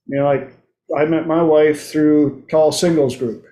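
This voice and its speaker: A man hosts his own talk show in an unhurried, playful monologue and slips into other voices when he quotes people. His voice sits a little higher than most men's. The recording picks up a roomy echo around him. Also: fairly even intonation, dark tone. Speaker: host.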